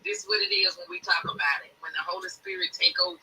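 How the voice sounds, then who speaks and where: A woman's voice: lowish voice, huge pitch swings, fast, pushed and bright. A woman hosting a podcast, speaking fervently in a preacher-like way about the Spirit. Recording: tinny phone line, far from mic.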